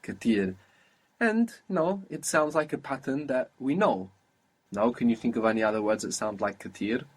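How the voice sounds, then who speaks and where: A man's voice: medium pitch, lively intonation, fairly quick, breathy edge. A man teaching a language lesson, patiently modelling and repeating each phrase for his student.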